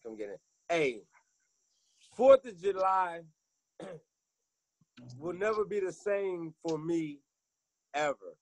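An excited man joins a group video call to give his testimony. His voice sits high, and he takes his time with each phrase. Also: takes it slowly, long pauses, no echo, poor audio. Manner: excited, greets loudly. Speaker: caller giving a testimony.

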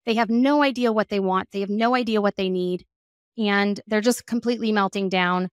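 A mother of two, a guest expert on children's emotions, talking casually in an interview with a lively, chatty manner and lots of "like". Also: medium pitch, clean tone, dry recording, clean studio sound. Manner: animated, acts out quoted voices, frequent "like". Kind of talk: conversational podcast interview.

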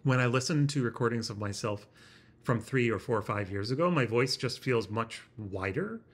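A man talking to his laptop camera in a house, halting and self-deprecating, searching for his words, with a slightly constricted sound in his throat. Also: medium pitch, lively intonation. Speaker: vlogger. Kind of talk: rambling self-conscious vlog. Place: indoors in a house. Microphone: laptop webcam.

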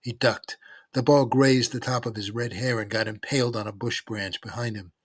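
A man narrating a novel in the first person, in a steady, even storytelling manner. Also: medium pitch, normal speed, husky, no echo.

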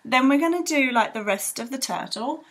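A woman's voice: sits high, animated, normal speed, fairly bright tone. A young woman teaching children to draw in a bubbly, rambling way with playful sound effects. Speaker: art tutor. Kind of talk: drawing tutorial for children.

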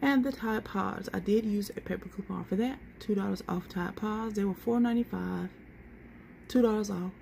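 A woman's voice: mid-range voice, moderate pace, creaky, hardly any pauses, a little mellow, slight background noise. A woman vlogger walking viewers through coupon deals item by item in a chatty, casual way. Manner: chatty, lists prices item by item, says y'all. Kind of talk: casual deal walkthrough to camera.

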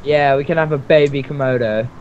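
A young man co-hosting a let's play, excitable and quick to swear. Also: mid-range voice. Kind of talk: casual gaming chat. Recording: slightly dull lo-fi mic with faint noise.

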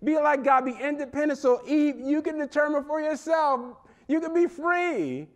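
A man preaching a sermon in a seminary chapel, animated, with wide swings from loud and high to low and hushed. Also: moderate pace. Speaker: pastor.

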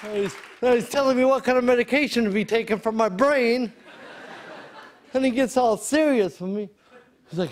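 This male stand-up comedian sits high in pitch and talks at a normal speed, with some chatter audible behind him. He performs a laid-back story with punchy quoted voices on a studio stage in front of a live audience. The live stage mic picks up the loud crowd laughing.

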